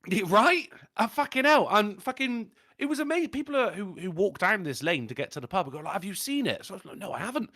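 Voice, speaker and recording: Bright-voiced guy, animated, cussing, chatty podcast co-host. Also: high voice, fast, hardly any pauses, dry recording, studio quality. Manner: animated storyteller, swears a lot, laughs often. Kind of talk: casual chat.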